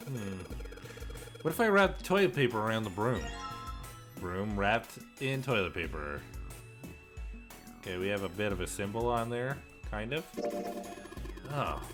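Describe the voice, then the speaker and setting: Male streamer, animated delivery, low-ish pitch, clear game music underneath, chatty. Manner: chatty, laughs often, talks to chat. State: coughing and clearing throat. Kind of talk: live game playthrough, reading dialogue aloud. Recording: game music playing behind.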